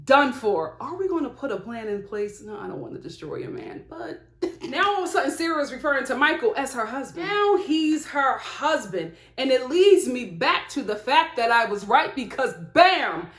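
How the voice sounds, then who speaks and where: A high-pitched woman recaps a reality show for her vlog, full of sassy asides and laughter. Her voice swings widely up and down as she talks. The sound carries a roomy echo from the indoor space. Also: very animated, normal speed. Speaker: reality TV reviewer. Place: indoor room with studio lights.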